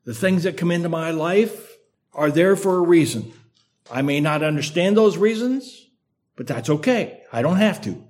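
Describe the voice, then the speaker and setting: Older preacher with a slight lisp. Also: male voice, a little high, animated, darkish tone. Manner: earnest, measured, emphatic repetition. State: slight lisp from a sore tongue. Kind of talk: sermon.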